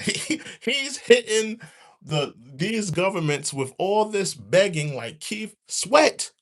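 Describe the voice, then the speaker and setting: A man with hosts a casual commentary stream. He talks in a high, lively voice that jumps around in pitch, circling back to the same points over and over. His delivery is loose and animated, like a live rant to his chat. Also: takes it slowly. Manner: animated, repetitive, rants and mock-sings. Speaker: commentary show host.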